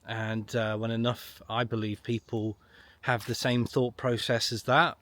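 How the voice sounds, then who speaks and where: A middle-aged man giving a solo commentary to camera, emphatic and ranting, repeating his points with long pauses. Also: medium pitch, level tone, a bit bright. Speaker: online political commentator.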